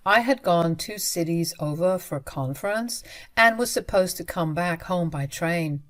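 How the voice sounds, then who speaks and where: A woman's voice: lowish voice, animated, normal speed, fairly bright tone. A young adult woman narrating a first-person story in a conversational way, speaking directly to her listeners.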